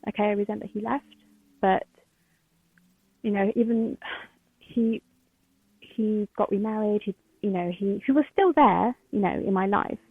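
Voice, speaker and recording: A woman shares her story in a halting, emotional way, with lots of fillers and restarts. Her voice has a gravelly edge. The sound is dry and narrow, like a phone line. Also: mid-range voice, no echo. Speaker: podcast guest. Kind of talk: candid interview.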